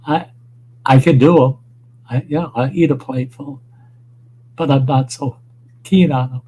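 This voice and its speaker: On a low-quality recording, a husky, mid-range male voice speaks at a measured pace. He's the host of a casual livestream from northern Wisconsin, animatedly telling rambling stories about food and fishing laced with profanity.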